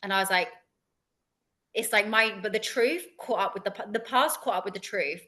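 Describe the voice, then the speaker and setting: Woman, bright voice, spiritual lesson host, candid animated storytelling. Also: medium pitch, moderate pace.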